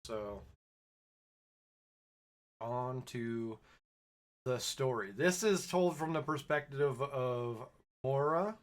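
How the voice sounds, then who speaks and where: A man's voice: mid-range voice, very slow, pauses often. A man hosting a podcast, chatting casually with a live audience and then reading a short story aloud in his own plain voice, his throat slightly scratchy.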